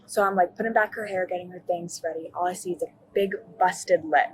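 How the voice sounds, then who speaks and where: A young woman with a fairly low voice tells an officer what happened, circling back and correcting herself, leaning hard on "like". It is picked up by a police body camera indoors in a dorm. Faint noise sits under the voice. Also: fairly even intonation, brisk, rough recording. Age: young adult. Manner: rambling, fillers of "like", self-correcting. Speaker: witness talking to police. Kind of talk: recounting events to an officer.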